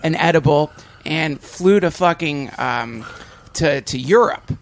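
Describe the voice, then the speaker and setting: A man hosting a podcast, telling vivid, animated stories in casual chat. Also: on the high side, takes it slowly, vocal fry. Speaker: podcast host.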